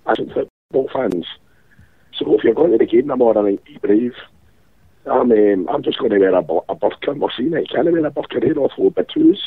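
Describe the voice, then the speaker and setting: A man's voice: medium pitch, animated, a little fast, husky, no echo. A man with a Glasgow accent calling in while ill with a cold, rambling and swearing his way through casual banter. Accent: Scottish, Glasgow. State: ill with a cold, rough-voiced. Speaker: caller. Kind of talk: casual chat. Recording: tinny phone line.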